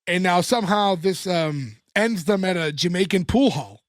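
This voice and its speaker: A podcast co-host in his thirties recaps a sitcom episode in casual chat, animated, laughing and swearing often. His voice is high, his pace moderate, with no echo.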